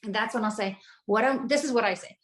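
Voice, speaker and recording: A woman's voice: mid-range voice, fast talker, roomy sound, rough recording. A woman guest speaker giving sales coaching, enthusiastic and conversational as she walks through her script.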